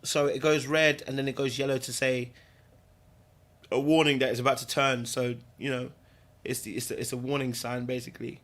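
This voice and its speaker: A man's voice: mid-range voice, flat delivery, fairly quick, a bit bright. A man talks in a loose, easygoing ramble, full of slang and restarts. He chats casually as a podcast host, circling back over his own words. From Britain. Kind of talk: casual livestream chat.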